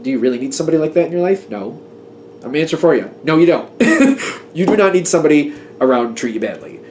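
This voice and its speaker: A man's voice: on the high side, animated, racing, a little mellow, a little hiss or hum. Chatty man giving a tarot reading. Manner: chatty, emphatic, gets worked up and laughs at himself. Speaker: tarot reader. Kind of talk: casual tarot reading monologue.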